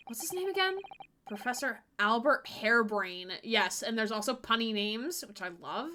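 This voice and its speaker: A woman's voice: fairly high pitch, animated, normal speed, noisy background. A woman streamer giving casual, chatty let's-play commentary, giggly and full of fillers.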